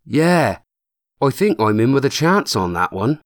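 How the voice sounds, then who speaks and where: A man's voice: medium pitch, dry recording, clean studio sound, pitched above the performer's own voice. A man voicing an anxious, eager young male apprentice with a Suffolk accent, stretching his vowels as he speaks, in an audiobook. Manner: broad drawn-out vowels when excited.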